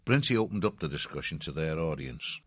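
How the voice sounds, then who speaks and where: A man narrating a storybook in a measured, even manner. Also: a bass voice, no room sound. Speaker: audiobook narrator.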